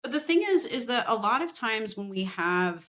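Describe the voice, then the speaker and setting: A woman in her forties with a voice on the high side speaks at normal speed in a casual podcast conversation. She's a somatic practitioner telling animated stories with acted-out quotes.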